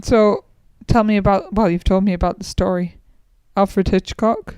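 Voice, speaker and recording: A woman's voice: mid-range voice, fairly even intonation, normal speed, warm tone, clean tone, no room sound. A woman co-hosting a podcast, chatting casually and firing off teasing, skeptical questions. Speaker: podcast co-host. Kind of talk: casual chat.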